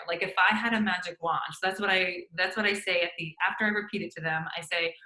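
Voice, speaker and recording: Woman, middle-aged, physician coach, casual instructional talk, chatty with fillers and restarts, bright tone, echoey room. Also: fairly low pitch, fairly even intonation, brisk. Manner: conversational, many fillers and restarts, acts out sample phone lines. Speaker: physician coaching doctors on practice building.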